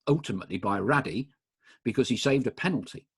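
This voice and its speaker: A man's voice: mid-range voice, lively intonation, quick pace, slightly rough. A man hosting a supporters' podcast, asking questions in an eager, enthusiastic way. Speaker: podcast host, club supporter. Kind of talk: casual interview.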